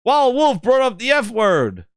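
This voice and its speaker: A man hosting a gaming channel in casual commentary, excitable and joking, swearing freely. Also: extremely high pitch, a little slow, dry recording, studio quality.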